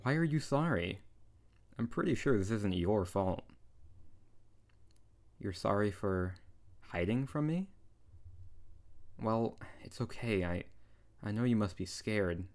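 A man voicing a young male wizard, a sarcastic, scolding best friend who softens into reassurance, in an audio role-play. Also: lowish voice, animated, takes it slowly, long pauses. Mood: soothing.

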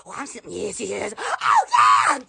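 A woman's voice: medium pitch, wildly swooping pitch, a little slow, creaky, shouting, very noisy. A woman chatting on a live stream, laughing a lot and crying out "oh, yes" over and over. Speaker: online shop owner on a live stream. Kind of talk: excited casual live stream chat.

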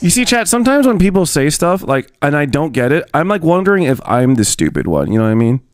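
Bemused young man streaming, lively. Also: fairly high pitch, quick pace, dry recording, studio quality, faint music behind. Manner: bemused, rambling, talks to chat. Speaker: streamer reacting to a video. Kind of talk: casual stream commentary.

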